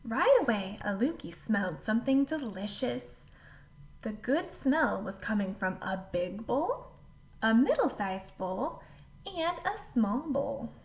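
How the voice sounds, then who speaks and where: Woman storyteller, fairly high voice, expressive picture-book read-aloud. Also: takes it slowly. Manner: animated storybook reading with asides to the listener.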